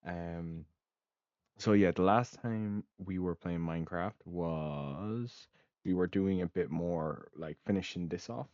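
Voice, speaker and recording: Rambling young man, very low voice. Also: takes it slowly, darkish tone, no room sound. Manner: rambling, many ums and uhs; casual, swears offhandedly. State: hiccups. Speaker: gaming channel host. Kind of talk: casual let's play commentary. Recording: dull, dry lo-fi mic.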